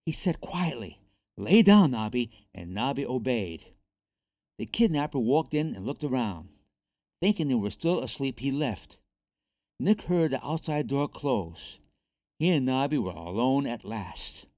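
A man reads a children's chapter book aloud, expressive and animated. His pitch swings widely through the lines, and the recording is dry with no room sound. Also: a little slow, no room sound. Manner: lively, expressive read-aloud. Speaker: narrator. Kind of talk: storybook reading.

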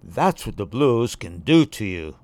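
A man doing a slow, mellow bass bow. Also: sing-song, dry recording. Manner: slow, laid-back. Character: mellow male bass bow who plays blues.

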